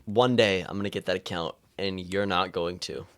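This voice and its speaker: Guy doing a low droning voice for reading chat, kinda deadpan. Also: moderate pace. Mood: teasing. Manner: deep, droning put-on voice.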